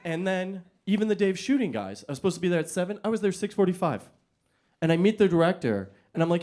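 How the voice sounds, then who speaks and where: Animated, high-voiced male comedian. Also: quick pace. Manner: animated, self-mocking storytelling. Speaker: stand-up comedian. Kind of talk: stand-up comedy storytelling. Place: comedy stage.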